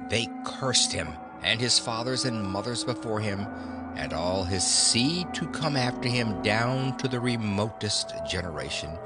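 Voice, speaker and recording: A man narrating a classic novel as an audiobook reader, in slow, expressive storytelling. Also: fairly low pitch. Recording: narration over background music.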